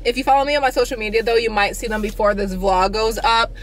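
A young woman talking straight to her camera in a loose, chatty way. Her voice sits a little high and leaps up even higher whenever something excites or annoys her. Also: fast. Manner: chatty and animated, swoops up high on exclamations. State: out of breath. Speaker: vlogger. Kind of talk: casual vlog chat.

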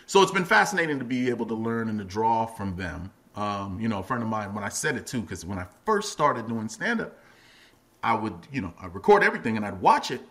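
Animated, bright-voiced man telling stories. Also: a little fast. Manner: animated, acts out quotes in a much higher voice, laughs often. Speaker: guest comedian and actor. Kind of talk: casual podcast interview storytelling.

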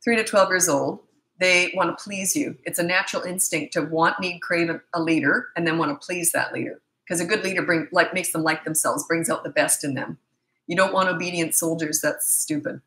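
A woman's voice: fairly low pitch, steady tone, fairly quick, pushed and bright, low-quality recording. A middle-aged woman parenting coach giving blunt, emphatic advice in a casual talk, acting out short exchanges between parents and children.

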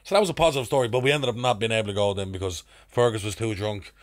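This young Irish podcast guest, Dublin-accented with a lowish voice, rattles off a drunken story at rapid-fire speed. He uses crude slang and performs the voices of the people in his casual tale.

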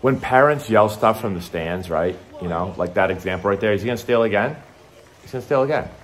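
A man's voice: fairly low pitch, a little fast. A middle-aged man casually commentating on a baseball video game and coaching tips in a chatty, rambling way. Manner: chatty, rambling, animated asides.

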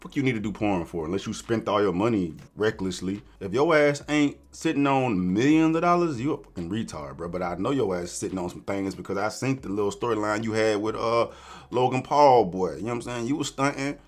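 A man's lowish voice, speaking. He rants in blunt reaction commentary, full of slang and swearing, as the host of his channel. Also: expressive, a little fast. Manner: blunt, profane, slangy ranting.

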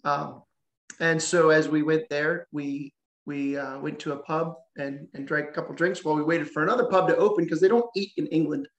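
A man on a webinar panel telling a casual story, halting with many fillers and a dry, sarcastic humor. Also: fairly high pitch, fairly even intonation, lo-fi sound. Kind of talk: casual anecdote. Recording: roomy echoey room sound.

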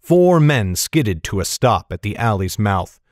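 A man narrating a fantasy novel in a steady, measured storytelling manner. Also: fairly low pitch, dry recording, studio quality. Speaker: audiobook narrator.

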